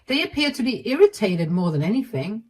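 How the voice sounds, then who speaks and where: A woman narrating a first-person family drama story in a steady, even delivery. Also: medium pitch, a little fast, breathy edge, rough recording.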